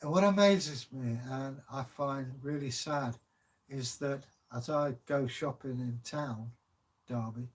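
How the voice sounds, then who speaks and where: An older man from Kent with a southern English accent, chatting casually on a livestream as channel host, rambling with many hesitations. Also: mid-range voice. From Kent, England.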